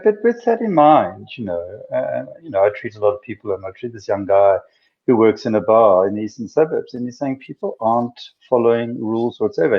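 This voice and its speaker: A middle-aged man, a doctor co-hosting a casual chat, telling stories with animated bursts of emphasis. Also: fairly low pitch, vocal fry. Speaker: doctor and co-host. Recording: dull lo-fi sound.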